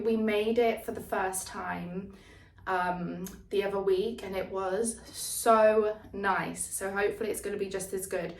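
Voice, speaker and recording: A young woman chatting casually to her phone camera for a vlog, lively and a little rambling, using casual slang. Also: medium pitch, moderate pace, recorded from a distance. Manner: chatty, excitable, says "proper" and "bear with". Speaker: vlogger. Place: outdoors by the sea, then an apartment kitchen. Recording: echoey with loud background noise.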